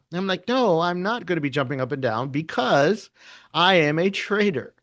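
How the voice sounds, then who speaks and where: A man who trades options, chatting casually and telling animated stories. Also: on the high side, normal speed, no echo, studio quality. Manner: animated storyteller, laughs often, acts out quotes. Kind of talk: casual trading chat.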